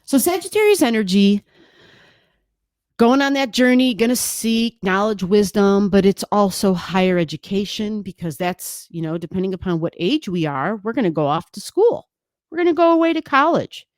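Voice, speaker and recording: A woman's voice: mid-range voice, animated, normal speed, a little mellow, no room sound, clean studio sound. A woman astrologer talking casually at home into a desk microphone, rambling a little, repeating phrases and laughing often. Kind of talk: casual chat about astrology. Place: room at home.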